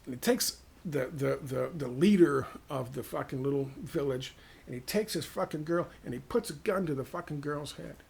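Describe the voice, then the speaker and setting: A man with an American accent giving a heated, profane political monologue, firing off rhetorical questions and dropping to hushed tones. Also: on the high side, normal speed, vocal fry, husky. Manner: ranting, drops to hushed tones. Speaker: political commentator.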